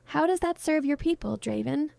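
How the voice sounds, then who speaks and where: A woman's voice: high-pitched, lively intonation, moderate pace, gravelly, a little mellow, dry recording, pitched above the performer's own voice, heavily acted. A woman voicing an ancient, menacing male vampire lord who speaks with cold, mocking condescension. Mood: cold contempt.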